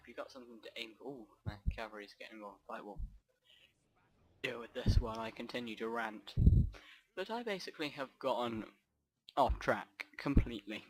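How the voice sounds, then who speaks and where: A man's voice: medium pitch, a little mellow, poor audio. A man giving rambling let's play commentary over a strategy game, often trailing off and restarting his sentences. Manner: rambling, off-track, self-interrupting.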